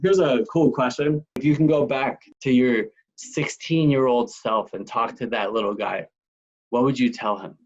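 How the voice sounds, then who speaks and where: A man's voice: mid-range voice, moderate pace. Affirming man hosting a podcast. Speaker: podcast host. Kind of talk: casual interview. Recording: dull, distant podcast audio.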